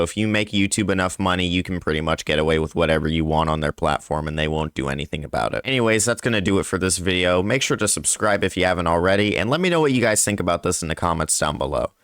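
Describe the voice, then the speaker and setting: A young man with a very low voice delivers blunt, scornful commentary. The sound is dry and close, with no room around it. He talks straight to his viewers like a scripted video host. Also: a bit bright, no room sound. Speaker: commentary YouTuber.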